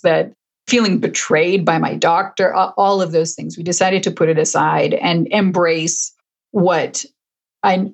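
A middle-aged woman, an interview guest, telling her story conversationally with frequent restarts. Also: fairly low pitch. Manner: frequent restarts, emotional at moments.

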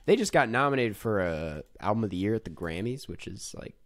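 A man's voice: on the low side, lively intonation, a little fast, dry recording, studio quality. A man co-hosting a podcast, chatting casually and reading listener questions in an upbeat, easygoing way. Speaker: podcast co-host. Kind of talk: casual chat.

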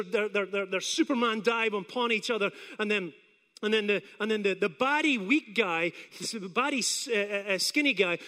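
A male preacher giving a sermon, telling stories in an animated way and acting out scenes. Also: high voice. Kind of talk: sermon with storytelling.

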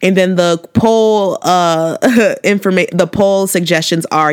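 A woman's voice: on the low side, fairly even intonation, unhurried, clear, resonant tone. A young woman giving casual faith-based advice to viewers in a vlog, preachy and affectionate, sassy and emphatic, often repeating phrases for emphasis. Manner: sassy and emphatic, asking rhetorical questions. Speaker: advice vlogger answering viewer questions.

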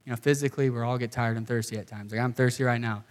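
A man's voice: mid-range voice, fairly even intonation, rapid-fire. A man giving a sermon to a live group in a casual, conversational way, often saying "okay" and "like" as he explains. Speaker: pastor.

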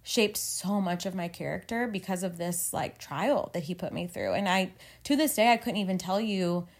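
A woman's voice: lowish voice, normal speed. A woman in her thirties co-hosts a casual faith podcast. She talks earnestly and at length, full of filler words, and she gets emotional easily. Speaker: podcast co-host.

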